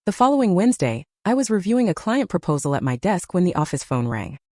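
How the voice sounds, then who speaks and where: A young adult woman reading a first-person family drama story as narrator, with a lively, expressive delivery. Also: on the low side, fast, no echo, clean studio sound.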